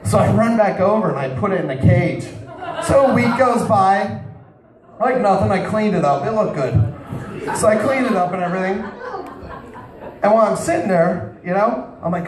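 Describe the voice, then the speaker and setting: A man's voice: high-pitched, expressive, moderate pace, long pauses, darkish tone. A man doing a crude stand-up set in a bar, telling stories and calling out to people in the crowd. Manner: crude, storytelling, talks to the crowd. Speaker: stand-up comedian. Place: bar with live audience. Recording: roomy bar sound, distant mic, crowd noise.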